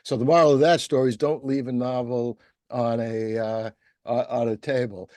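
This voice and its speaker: Male interviewer, mid-pitched, digressive, dry recording. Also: little pitch movement, moderate pace, a little mellow, no room sound. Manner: rambling, digressive. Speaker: host interviewer. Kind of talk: conversational interview.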